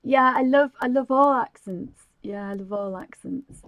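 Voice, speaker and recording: A woman's voice: high-pitched, a little slow, no room sound, dull audio. A middle-aged woman from England chatting casually while she colours on a live stream, rambling with restarts and light laughs.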